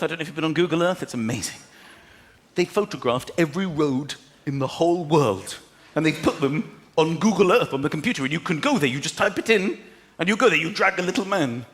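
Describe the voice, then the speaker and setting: An English man performing a stand-up comedy routine, acting out voices and bursting into excited shouts. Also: on the high side. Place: comedy stage before a live audience. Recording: live stage audio with loud crowd laughter.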